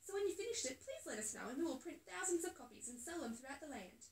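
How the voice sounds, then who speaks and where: A woman's voice: high-pitched, big pitch swings, fast talker, recorded from a distance, voice pushed up. A woman reading aloud and voicing a formal, pompous male mole who publishes books, in a storybook. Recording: echoey room, phone held away.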